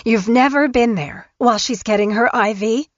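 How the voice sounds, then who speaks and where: A woman's voice: fairly high pitch, moderate pace, no room sound, pitched above the performer's own voice, close to an everyday voice. A woman voicing a persistent, suspicious grandmother who presses with blunt questions, in an audiobook. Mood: confronting. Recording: dull, dry studio recording.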